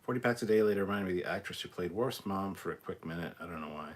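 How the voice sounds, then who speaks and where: A man's voice: low-pitched, racing. A man hosting a casual live stream, reading chat aloud and ranting bluntly with plenty of swearing.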